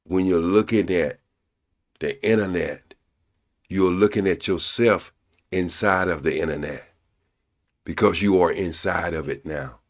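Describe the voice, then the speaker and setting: Older male stream host, lowish voice, preachy and crude, hammers each point twice. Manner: preachy, repeats points slowly for emphasis; blunt and profane. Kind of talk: casual live-stream commentary.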